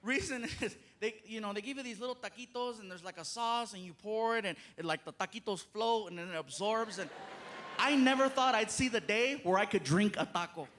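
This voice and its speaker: A man doing a live stand-up comedy set on a theater stage, telling stories in an animated way with laughs and asides. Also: high-pitched, a little fast. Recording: noisy live crowd in a theater.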